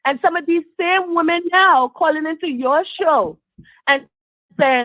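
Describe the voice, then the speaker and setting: Calling a live talk show, a Trinidadian woman speaks emphatically about her opinions in a high-pitched, animated, unhurried voice. The tinny phone line is dry, with no room sound.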